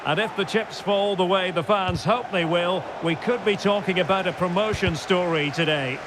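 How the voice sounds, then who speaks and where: A man doing play-by-play football commentary for a video game, measured calls that rise to shouts at goals. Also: high voice. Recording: game audio with loud background noise.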